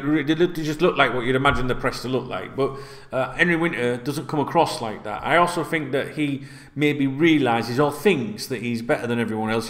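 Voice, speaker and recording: A man's voice: mid-range voice, fairly bright tone, roomy sound. A man hosting a football vlog, chatting casually straight to camera, swearing freely and drifting into rambling asides. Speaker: football vlogger.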